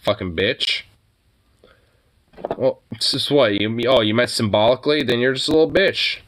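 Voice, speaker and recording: A man's voice: mid-range voice, normal speed, a bit bright, slight background noise. A man ranting casually about politics, profane and rambling, with lots of filler words. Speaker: podcast host.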